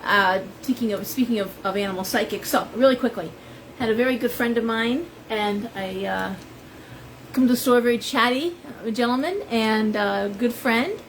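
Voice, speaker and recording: A woman's voice: on the high side, moderate pace, a little hiss or hum, low-quality recording. A woman who runs a tarot shop, chatting with viewers on a live stream and rambling into stories. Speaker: shop owner and tarot reader.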